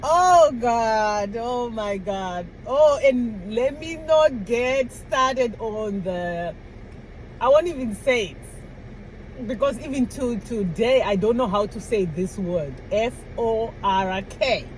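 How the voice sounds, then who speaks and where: A woman vlogger from outside the US, with a slightly high voice and lively intonation, speaks slowly as she tells stories to the camera about learning to talk like people in her new country. She acts out little dialogues and laughs along the way. The audio is poor, with a faint hiss or hum.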